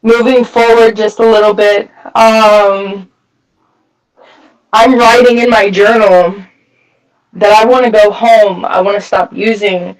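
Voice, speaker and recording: Guy with a pretty high voice sharing his story at a recovery meeting, cusses a lot, sounds kinda far off the mic. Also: steady tone, slow pace. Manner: blunt, profane storytelling full of fillers. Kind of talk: candid personal testimony at a recovery meeting.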